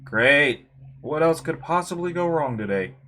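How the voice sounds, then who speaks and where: A woman's voice: low-pitched, lively intonation, measured pace, fairly bright tone, pitched below the performer's own voice. Woman doing a flustered young warrior man. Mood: exasperated. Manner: exasperated, embarrassed.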